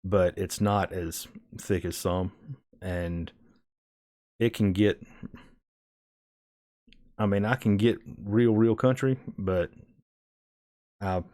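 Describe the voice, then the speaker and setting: A man's voice: fairly low pitch, steady tone, takes it slowly, long pauses, dark tone. A man with a fairly thick Southern American accent, chatting casually with viewers on a live stream and often restarting his words. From Southern United States.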